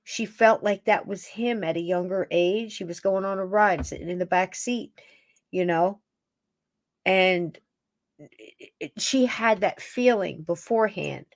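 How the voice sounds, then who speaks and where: A woman hosting a paranormal podcast, talking casually and warmly. She rambles from one thought to the next and laughs often. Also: lowish voice, measured pace, dry recording, studio quality. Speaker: podcast host. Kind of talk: casual chat, talking to her pets on camera.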